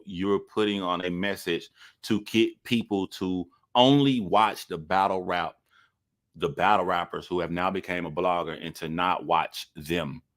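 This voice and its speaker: Deep-voiced man giving reaction commentary. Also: fairly bright tone. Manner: earnest, rambling, profane.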